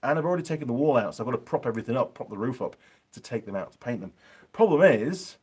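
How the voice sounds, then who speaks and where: A man's voice: medium pitch, expressive, fast, darkish tone, slightly rough. A man with a Yorkshire accent chatting casually on a live stream from his home workshop, reading out viewer comments with plenty of ums.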